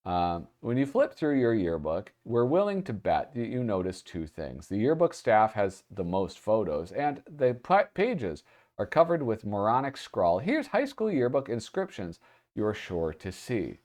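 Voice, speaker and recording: A man with a fairly low voice talks through a magazine, reading bits aloud in a lively, swooping tone. He keeps breaking off into relaxed, chatty asides and little chuckles. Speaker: host. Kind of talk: casual magazine read-through.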